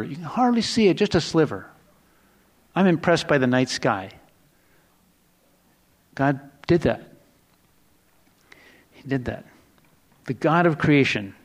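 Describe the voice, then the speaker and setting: Male pastor, sermon delivery, slightly high voice, chatty and rambling, with quiet asides and rising emphasis. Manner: conversational, rambling with restarts and self-corrections; swings between hushed low asides and rising excited emphasis.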